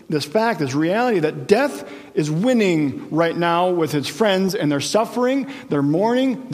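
A man's voice: high voice, long reverb tail. A man preaching a sermon as pastor, explaining scripture in a conversational way and checking in with his listeners.

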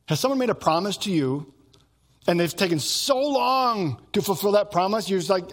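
Animated male pastor preaching. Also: sits high, normal speed. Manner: animated storytelling, acting out voices. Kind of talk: sermon.

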